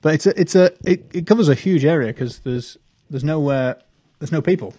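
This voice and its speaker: A young man, a comedian guest, chatting on a live show in a mellow, darker tone. He rambles, restarts his sentences and pokes fun at himself. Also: on the high side, fairly quick. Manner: rambling, self-deprecating, many restarts and fillers. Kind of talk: casual live chat.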